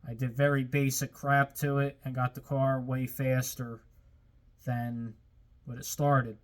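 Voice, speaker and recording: A man's voice: mid-range voice, flat delivery, a little slow. A man hosting his own car-building videos, talking casually to viewers in a plain-spoken way that gets a little worked up. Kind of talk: casual workshop talk to viewers.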